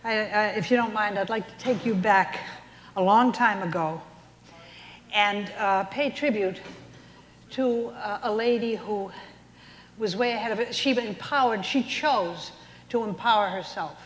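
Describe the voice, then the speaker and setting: A woman's voice: mid-range voice, measured pace, slight background noise. Older woman stand-up, chatty storyteller, roomy hall echo with faint ambience. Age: 70s. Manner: chatty storytelling with voiced punchlines. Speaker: stand-up comedian. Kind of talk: stand-up routine in a casino showroom. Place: casino showroom stage.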